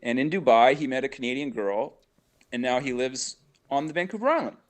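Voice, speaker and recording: A man's voice: medium pitch, lively intonation, fairly quick. Rambling male caller telling a story. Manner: rambling, anecdotal, swears casually. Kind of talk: casual storytelling on a call-in show.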